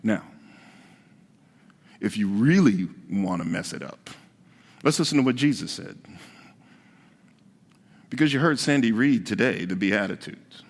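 Pastor preaching in a reverberant hall. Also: male voice, medium pitch. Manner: conversational, repeats key points for emphasis. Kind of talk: sermon.

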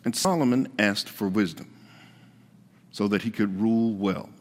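A man's voice: fairly low pitch, moderate pace, big-room sound. A man preaching a conversational sermon as pastor, repeating his key points for emphasis.

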